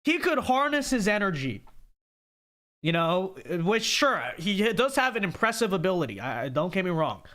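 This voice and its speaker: During a casual livestream rant, the young host speaks in a high voice with a fairly bright tone. He is emphatic, hammering his point through repetition.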